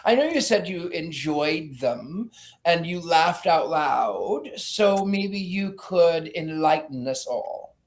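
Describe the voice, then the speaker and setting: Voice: medium pitch, expressive, takes it slowly. A podcast host in casual chat, leading the discussion and handing over to a guest.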